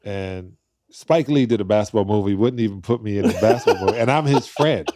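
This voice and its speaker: Lively storytelling man, low warm voice. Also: a little fast, no room sound, studio quality. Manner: acts out quoted voices, laughs while telling stories. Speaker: podcast guest. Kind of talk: animated storytelling in conversation.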